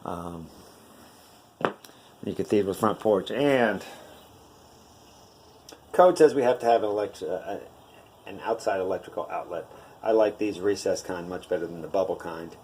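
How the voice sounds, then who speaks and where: A man with a fairly low voice walks through a newly built house he constructed. He talks casually and explains as he goes, often pausing on filler words. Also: darkish tone, slight background noise. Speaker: home builder. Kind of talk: walkthrough tour narration. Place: at a newly built house, outside then indoors.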